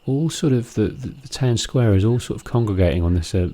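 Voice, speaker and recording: Low, mellow-voiced man musing over a game. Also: lively intonation, fairly quick. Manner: musing, chatty, with fillers and restarts. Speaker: let's play host. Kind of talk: casual game commentary. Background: game music.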